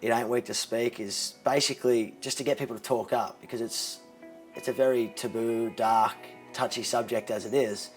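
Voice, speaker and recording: A young Australian man telling a personal story in an interview, halting and often dropping quiet. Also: mid-range voice, fairly even intonation, faint music behind, rough recording. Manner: halting, many restarts, drops to quiet when moved. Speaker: interviewee, charity co-founder.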